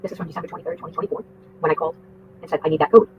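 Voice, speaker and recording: Fast-talking woman on a tinny line. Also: low voice. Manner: rambling, profane, indignant. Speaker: livestreamer. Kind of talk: livestream storytelling rant. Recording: tinny phone-like audio with faint noise.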